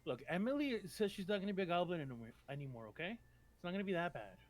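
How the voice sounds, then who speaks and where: A man's voice: high-pitched, lively intonation, racing. A man running a tabletop game as game master, chatting casually and joking with friends, swearing freely. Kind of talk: casual chat among friends.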